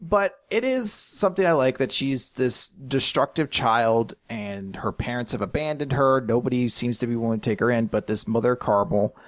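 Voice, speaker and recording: Man, mid-pitched, dry close recording, rambling casual podcast talk. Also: lively intonation, normal speed, hardly any pauses, no echo. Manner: rambling, tangents with restarts and laughs. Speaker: podcast co-host. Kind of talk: casual recap chat.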